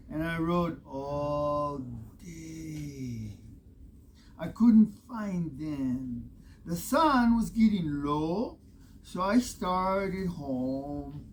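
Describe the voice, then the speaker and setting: Stage role: a woman playing a stubborn old teller of spooky tales, very slow, drawling, Spanish words woven in. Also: fairly low pitch, a little hiss or hum. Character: older Spanish-speaking storyteller, stubborn, spins spooky tales. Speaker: old storyteller in a stage play. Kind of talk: live stage acting.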